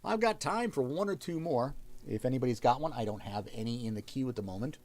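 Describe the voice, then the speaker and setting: A man's voice: medium pitch, expressive, quick pace, darkish tone. A man hosting a livestream, chatting casually with viewers, thinking aloud and thanking them often. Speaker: livestream host reading requests aloud.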